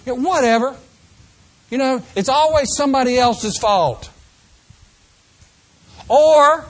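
A man's voice: very high voice, takes it slowly, pauses often. An older man preaching a folksy sermon, acting out people's excuses in mock voices.

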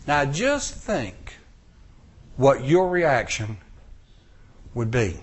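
An American man preaching a sermon, retelling a scripture story with drawn-out pauses and acted-out character lines. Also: high voice. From United States. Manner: storytelling, acting out characters' lines in lively voices.

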